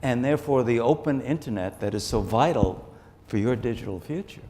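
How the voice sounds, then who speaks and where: A man, a journalist and author, answering interview questions on a conference stage in a measured way, often repeating words as he thinks. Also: medium pitch, expressive, dark tone, in a large hall, a little hiss or hum.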